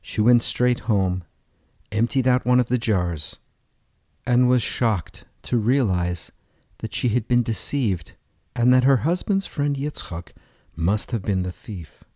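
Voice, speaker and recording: Male storyteller, storybook narration, steady, mellow tone, dry sound. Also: mid-range voice, slow pace, dry recording.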